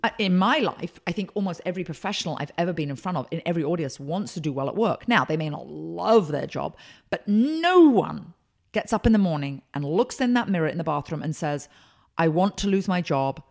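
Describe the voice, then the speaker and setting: A woman consultant and speaker, telling emphatic, animated stories as a guest in a podcast interview. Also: lowish voice, fairly quick, gravelly.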